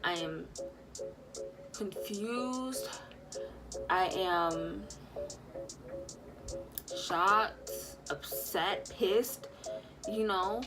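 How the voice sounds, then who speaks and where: A young woman casually retelling a personal story, animated and full of fillers, acting out what people said. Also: mid-range voice, very slow, long pauses, music in the background. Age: young adult. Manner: animated, lots of fillers, acts out quotes. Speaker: vlogger.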